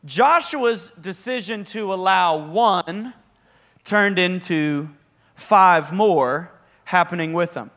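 Man, young, pastor, energetic sermon, bright tone. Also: sits high, slow. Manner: energetic, conversational preaching with bursts of emphasis.

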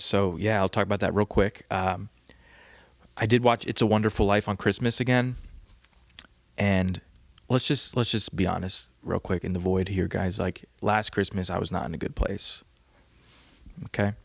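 Man, podcast host, low voice, gravelly, casual crude rant, rambling, dry close sound. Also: dry recording. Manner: crude, rambling, laughs at own jokes. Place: home, on a couch.

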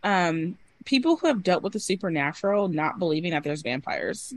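A woman hosting a podcast in casual chat, expressive and quick to laugh. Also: lowish voice, no room sound. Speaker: podcast host.

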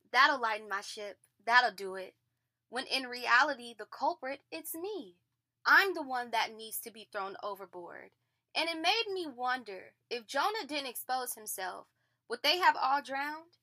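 A woman with a bright, forceful voice pitched a bit high talks through a devotional reflection. She is expressive and casual, chatting straight to her listeners as y'all. The sound is dry and close. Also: measured pace, no room sound. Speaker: devotional podcast host.

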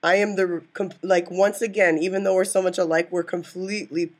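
Female podcast co-host, slightly low voice, loose rambling delivery with a teasing edge. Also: steady tone, brisk. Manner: rambling, laughs often, teasing. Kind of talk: casual chat.

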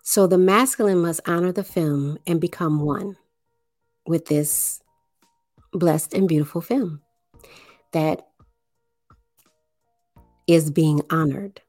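A woman from the New Orleans area giving a slow explanatory monologue, with deliberate, drawn-out phrasing and pauses. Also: lowish voice, darkish tone, no room sound, studio quality, faint music behind.

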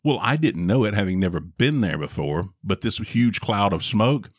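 A middle-aged man co-hosting a podcast, telling a story in a dry, drawn-out way with wry emphasis. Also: on the low side, expressive, dry recording. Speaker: podcast co-host. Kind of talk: casual storytelling chat.

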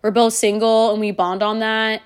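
A woman's voice: fairly high pitch, little pitch movement, normal speed, clear, resonant tone. A woman in her thirties hosting a solo podcast, talking bluntly and candidly straight to the listener. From United States. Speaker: podcast host.

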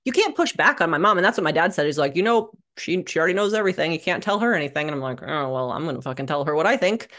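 Lowish-voiced young woman, chatty podcast guest, animated and wry, curses a lot. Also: racing, hardly any pauses. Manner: animated, sardonic, swears freely. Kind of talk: candid conversational storytelling. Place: living in Minnesota.

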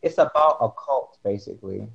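A man's voice: medium pitch, lively intonation, creaky, slightly rough. A man chatting casually in a group call, rambling and restarting his sentences often. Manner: rambling, halting, many restarts. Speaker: podcast participant. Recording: muffled lo-fi mic.

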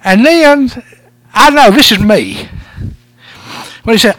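A pastor preaches in a folksy, chuckling way, telling jokes to his church. His voice sits high and swings up and down a lot. The sound is close and dry. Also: expressive, a little slow, pauses often, fairly bright tone, no room sound. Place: church service.

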